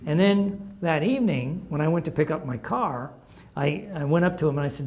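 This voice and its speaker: A man's voice: a little high, a little fast, darkish tone. A middle-aged man giving an informal talk on recovery steps, sharing stories in a conversational, anecdotal way. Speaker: recovery program speaker.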